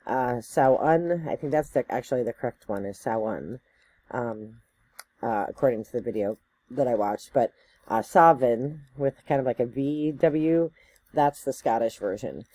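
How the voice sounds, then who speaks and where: A woman explains a topic in a loose, chatty teaching style, leaning on fillers and asking "right?" as she goes. Her voice is warm and mellow. The sound is close and dry, with no room around it. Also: rumbling low, moderate pace, dry recording. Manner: conversational, loose, full of fillers and tag questions; self-correcting, thinks aloud. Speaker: spiritual teacher. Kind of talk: casual educational talk to camera.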